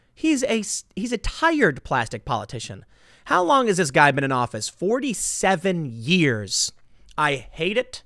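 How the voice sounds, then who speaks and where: Guy ranting about politics, high lively voice, bright and punchy, dry sound. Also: no room sound. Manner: animated, emphatic, repeats words. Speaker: political commentator. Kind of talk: opinionated commentary vlog.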